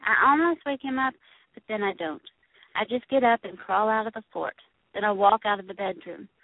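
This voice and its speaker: A woman's voice: medium pitch, normal speed, no echo. A woman reading a first-person story in the voice of a young girl, told in a plain, childlike way. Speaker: audiobook narrator. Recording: tinny, phone-like dry recording.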